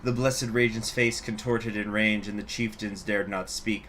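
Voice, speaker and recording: A man's voice: lowish voice, fairly even intonation, moderate pace, a bit bright. A man hosting a gaming video, reading story text aloud with casual, profane asides. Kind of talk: let's play with story reading.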